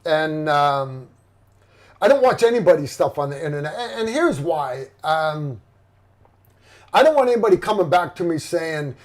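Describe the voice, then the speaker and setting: A man's voice: on the high side, very animated, normal speed. A middle-aged man hosting a livestream in casual chat, rambling and blunt with lots of fillers and restarts. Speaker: livestream host.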